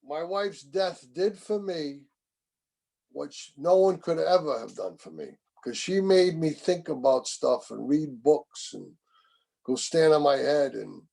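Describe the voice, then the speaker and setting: Gravelly man sharing at a recovery meeting. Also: a little high, dark tone. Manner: rambling, candid, swearing, repeats "you know what I mean". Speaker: main speaker at a recovery meeting. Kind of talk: personal recovery share. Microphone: video call.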